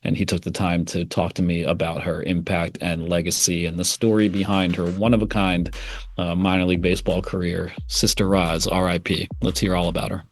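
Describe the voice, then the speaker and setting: A man hosting a baseball podcast, introducing a guest and asking questions in a relaxed, conversational way with frequent fillers. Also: deep voice, fairly quick, slight background noise. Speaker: podcast host. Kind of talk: casual interview podcast.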